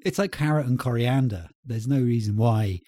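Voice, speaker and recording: Jokey male co-host, warm husky voice, dry close mic. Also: medium pitch, moderate pace, no echo. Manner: playful, jokey musing. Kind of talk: casual chat.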